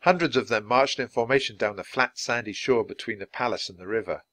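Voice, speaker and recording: A man reading a children's chapter book aloud clearly, for language learners. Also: medium pitch, a little fast, a bit bright. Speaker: storybook reader.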